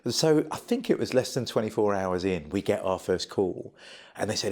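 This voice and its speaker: A middle-aged man, a guest in an interview, telling stories in an animated, humorous way. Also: fairly low pitch, moderate pace. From United Kingdom. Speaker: charity founder guest. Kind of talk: interview storytelling.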